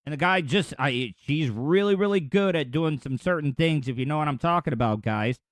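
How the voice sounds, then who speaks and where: Male podcast host, slightly high voice, dry close sound, rambling comic riffs. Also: normal speed, no echo. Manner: rambling, crude joking asides. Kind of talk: comedic news commentary.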